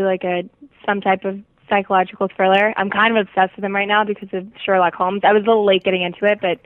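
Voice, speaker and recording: A woman guest, hoarse from a cold, chatting casually over the phone and laughing often. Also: medium pitch, dry recording. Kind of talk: casual chat. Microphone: phone call. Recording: tinny, dry phone line.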